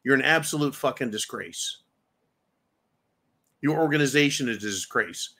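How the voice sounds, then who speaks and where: A man's voice: medium pitch, expressive, normal speed, sharp tone. A man hosting a political commentary show, ranting angrily with heavy profanity and rhetorical questions. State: angry. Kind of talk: angry political commentary monologue.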